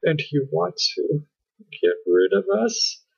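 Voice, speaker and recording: A man voicing a tearful, miserable girl in a soft, higher voice, on a dull lo-fi recording. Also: takes it slowly, vocal fry, breathy edge, heavily acted. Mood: sad. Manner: weepy, soft and high.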